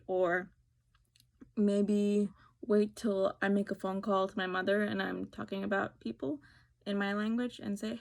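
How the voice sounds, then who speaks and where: A woman's voice: medium pitch, steady tone, measured pace. A woman from New Jersey, talking to camera in a casual, snarky, sarcastic way and acting out what other people say. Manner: snarky, sarcastic storytelling with quoted voices. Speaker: beauty vlogger.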